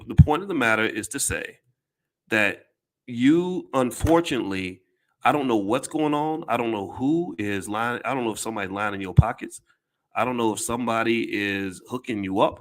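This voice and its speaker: A man's voice: fairly low pitch, fairly bright tone. Blunt, emphatic man on camera. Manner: blunt, emphatic, profane, often repeats and restarts words. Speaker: commentator addressing his audience. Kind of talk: casual commentary to camera.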